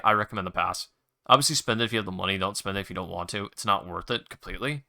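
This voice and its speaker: A man's voice: medium pitch, sharp tone. A young man hosting a solo podcast, chatting casually and rambling with restarts, mild swearing and eager recommendations. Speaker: podcast host.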